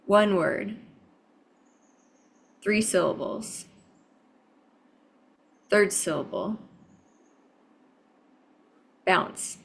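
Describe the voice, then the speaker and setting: Woman improviser, very slow, gravelly, guessing word by word. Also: mid-range voice, expressive, a bit bright.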